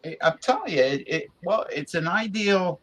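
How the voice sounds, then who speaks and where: Excitable man in casual chat. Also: high voice, moderate pace. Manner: excitable, repeats words and restarts, playful sound effects. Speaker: co-host.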